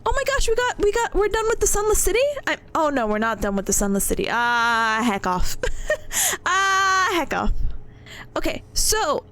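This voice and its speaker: A woman's voice: very high-pitched, sing-song, moderate pace, sharp tone. A woman streamer chatting casually with her viewers, giggling and laughing often between sentences. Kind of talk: casual livestream chat.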